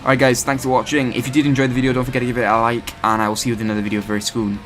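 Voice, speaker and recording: A man's voice: medium pitch, flat delivery, very fast, fairly bright tone, soft background music. A man hosting his gaming channel, giving rambling, chatty live commentary over his gameplay and often correcting himself.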